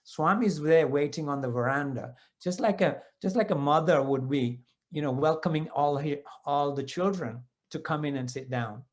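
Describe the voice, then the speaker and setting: A man in his fifties sharing personal devotional experiences in a relaxed storytelling talk, with many asides and self-corrections. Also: fairly high pitch, normal speed, hardly any pauses.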